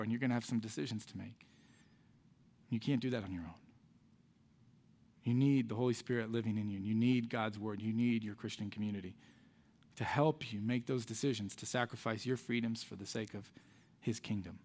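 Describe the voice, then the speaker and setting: A man, a pastor preaching a sermon in a church and telling a personal story in an earnest, conversational way that drops to soft, quiet lines. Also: medium pitch, fairly even intonation, a little fast. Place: church sanctuary.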